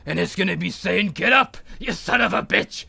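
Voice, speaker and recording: A man putting on the voice of an old, grizzled male boxing trainer who talks in a slow, halting, low mumble. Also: creaky, pushed and bright, husky, dry recording, heavily acted. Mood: tender.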